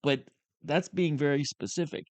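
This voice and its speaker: A man's voice: on the high side, lively intonation, moderate pace, dry recording. A man hosting casual commentary, ranting in an exasperated, profane way. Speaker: commentary host.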